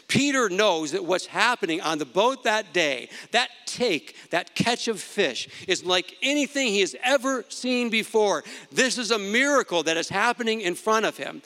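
A man preaching a sermon, telling a story and acting out the quoted words with sweeping rises and drops. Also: bright, forceful tone. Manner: storytelling preacher, acts out quotes with big pitch swings. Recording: long reverb of a hall.

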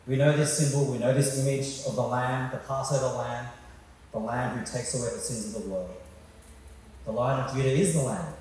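A man's voice: mid-range voice, fairly even intonation, moderate pace, darkish tone, recorded from a distance, a little hiss or hum. Male preacher in echoey hall. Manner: conversational, asks the congregation questions. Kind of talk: sermon. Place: church hall.

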